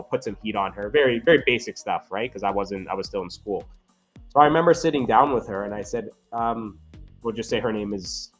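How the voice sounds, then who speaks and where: A man who works as a physiotherapist, telling earnest stories in a casual interview and often checking in with "right?". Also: lowish voice. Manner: earnest, animated, frequent "right?" tags. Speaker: physiotherapist guest.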